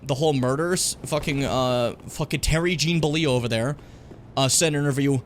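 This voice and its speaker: A man's voice: medium pitch, fairly quick, slight background noise. A young man from Edmonton, Canada, rambling and joking as he plays a video game, swearing often. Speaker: streamer. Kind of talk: casual gameplay commentary.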